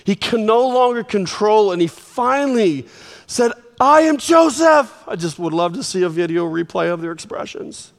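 High-voiced preacher guy, animated storytelling sermon, long echo from a big hall. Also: moderate pace, gravelly, few pauses. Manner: animated storytelling with sudden swings in volume. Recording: long reverb of a large hall.

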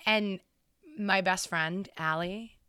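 A woman in her twenties, a podcast co-host, telling a story in a casual, animated and heavily profane way. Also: mid-range voice, slow, clear, resonant tone.

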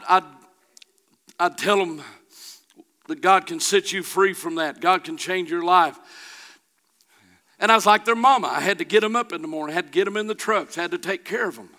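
A middle-aged man preaching a sermon, telling a folksy personal story that builds to shouting. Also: high voice, normal speed, pauses often.

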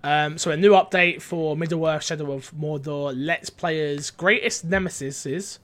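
A man's voice: fairly high pitch, flat delivery, measured pace, a bit bright. A young man co-hosting a casual gaming news chat, reading out stories with frequent stumbles and a playful, rambling manner.

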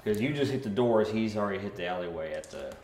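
A man with a low voice narrates a tabletop game as game master, telling the action with laughs and the odd sound effect. The room is echoey, with a faint hiss under the voice. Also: animated, fast, darkish tone. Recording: roomy with faint noise.

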